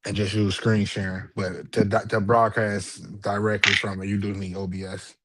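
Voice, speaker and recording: A man's voice: lowish voice, level tone, moderate pace. A man on a casual livestream panel, easygoing and agreeable but holding his view.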